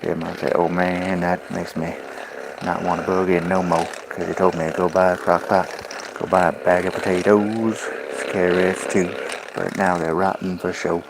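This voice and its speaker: Man, very low voice, monotone, playful rhyming patter, talking to pets, home livestream, noisy background. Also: moderate pace. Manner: playful rhymes, coaxing commands to pets. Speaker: livestreamer with his dogs. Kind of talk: rhyming singsong patter while massaging dogs. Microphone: phone microphone on a stream. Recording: clear background noise.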